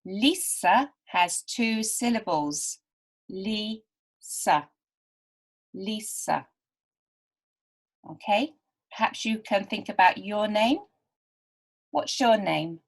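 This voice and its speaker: A woman teaching beginners to read, talking very slowly and patiently. She sounds out each word carefully and repeats it so learners can follow. Her voice sits at an ordinary middle pitch. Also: animated. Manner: patient, stretches and repeats words. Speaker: literacy teacher.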